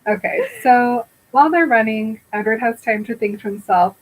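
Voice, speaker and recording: A woman's voice: on the high side, moderate pace, few pauses, rough recording. A woman podcast co-host casually retelling a book chapter, acting out the dialogue as she goes. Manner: animated retelling with quoted dialogue and laughter. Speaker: podcast co-host recapping a novel.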